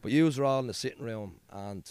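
A hoarse Irish man, a podcast co-host, telling crude, swearing stories in casual chat. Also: mid-range voice, brisk, a little mellow, slight background noise. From Ireland.

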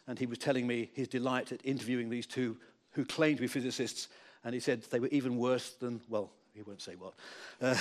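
A man who wrote a book gives a public lecture and takes questions, telling anecdotes in a wry, emphatic way. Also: medium pitch. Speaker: author giving a public talk. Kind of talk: lecture with audience Q&A. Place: lecture hall.

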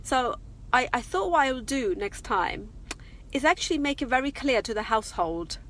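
A woman's voice: high-pitched, lively intonation, normal speed, a bit bright. A middle-aged woman chatting casually and confidingly on a live vlog from her parked car. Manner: chatty, confiding, laughs often. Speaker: vlogger.

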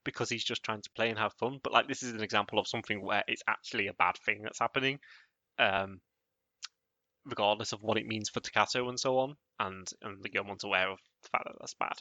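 A man's voice: lowish voice, fairly even intonation, fast talker, sharp tone, no echo. A British man co-hosting a podcast in casual chat, often laughing and restarting his sentences. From Britain. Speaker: podcast co-host.

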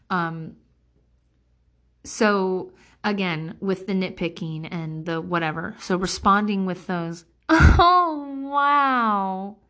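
A woman's voice: on the low side, fairly bright tone. A woman in her thirties in a candid, rambling personal monologue, blunt and emotionally intense, swearing freely. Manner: rambling with many fillers and restarts. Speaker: vlogger.

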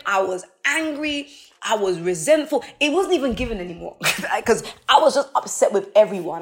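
A woman's voice: a little high, lively intonation, moderate pace, soft background music. A woman giving a passionate, preachy motivational talk on a live stream, pleading with her listeners. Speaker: motivational speaker. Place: indoors, streaming.

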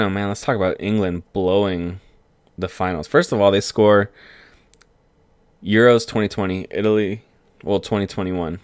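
Low-voiced man rambling about sports. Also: no echo. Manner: rambling, excitable, laughs at his own remarks. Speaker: vlogger. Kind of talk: casual sports commentary monologue.

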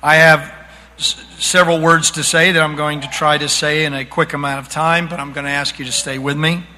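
A man preaching a sermon to a congregation, slowing down and building to dramatic shouts. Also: fairly high pitch, level tone, in a large hall. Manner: dramatic, slows and rises to shouting. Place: church sanctuary.

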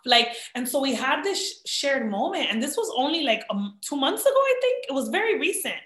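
This thirties-aged actress, of Dominican heritage and raised in the United States, talks with real emotion about personal matters during an interview, dropping Spanish words here and there. She speaks fairly quickly in a high, slightly bright voice with big pitch swings and hardly any pauses. The room is echoey.

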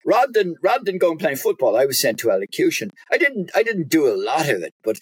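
Wry Irish man, husky and lively. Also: fairly high pitch, dry recording. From Ireland. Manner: wry, teasing, halting restarts. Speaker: guest, doctor. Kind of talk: casual chat.

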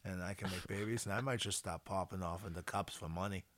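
A man co-hosting a podcast, joking in a deadpan way during casual chat. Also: sits low, quick pace, dry recording. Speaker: podcast co-host.

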